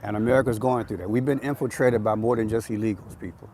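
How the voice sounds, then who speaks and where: A man's voice: lowish voice, steady tone, fast, darkish tone, a little hiss or hum. A man hosting an outdoor live stream, talking in an emphatic, repetitive, preachy way. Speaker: channel host. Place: outdoors on an urban street.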